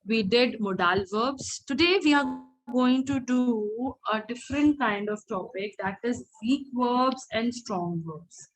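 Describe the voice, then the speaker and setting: A middle-aged woman with an Indian English accent teaches an online grammar class. She speaks in a slightly high voice, praising answers and now and then slipping into Hindi. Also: slow, hardly any pauses, rough recording. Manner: encouraging, mixes in Hindi phrases.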